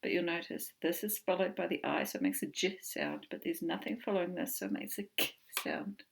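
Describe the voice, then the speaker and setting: A woman with a New Zealand accent teaching an online phonics lesson from home, slowly sounding out letters and words. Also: lowish voice, gravelly, slightly rough. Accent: New Zealand English.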